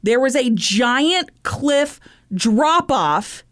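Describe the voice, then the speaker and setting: A woman's voice: high voice, big pitch swings, extremely slow, a bit bright. A woman co-hosting a podcast, telling stories in casual chat full of fillers. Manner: chatty storytelling with many fillers. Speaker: podcast co-host.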